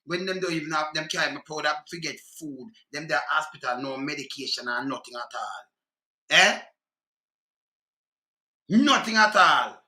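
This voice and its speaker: A man's voice: a little high, expressive, normal speed, long pauses, sharp tone, roomy sound. A man with a Jamaican accent in an angry, profane rant reacting to clips. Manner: heated, profane, scolding.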